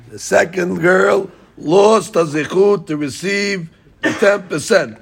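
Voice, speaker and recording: A middle-aged man teaching a Talmud class in an animated way, repeating words and mixing in Hebrew and Aramaic terms. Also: high voice, slow, creaky, breathy edge.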